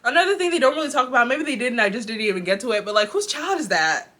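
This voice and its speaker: A young woman talks quickly through a drama recap, her voice bright and forceful. She is chatty and animated and drops slang and side comments as she goes. Her rapid delivery keeps the energy up. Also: a little high.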